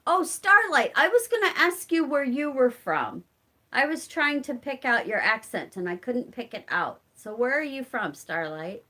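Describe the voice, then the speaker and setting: A woman's voice: sits high, big pitch swings, moderate pace, pushed and bright. A woman with a Southern Illinois accent hosting a casual live-stream chat, answering viewers by name and laughing often. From Southern Illinois, rural community. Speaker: channel host reading live chat.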